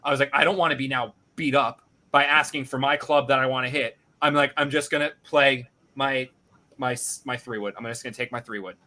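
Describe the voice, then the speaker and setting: A male podcast host telling a casual, animated story, swearing freely and acting out his own reactions. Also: mid-range voice, brisk.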